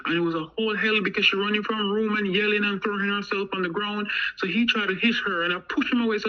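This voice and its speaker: A woman's voice: medium pitch, fast talker, few pauses, muffled recording. An American woman casually recounting her own story as a guest, acting out what others said along the way. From United States. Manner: animated, acts out what others said.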